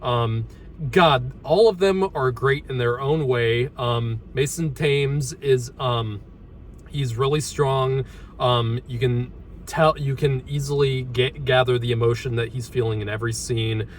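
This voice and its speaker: A man hosting a casual movie review, halting often with ums and restarts as he talks through a horror mask. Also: medium pitch, fairly even intonation, a little hiss or hum.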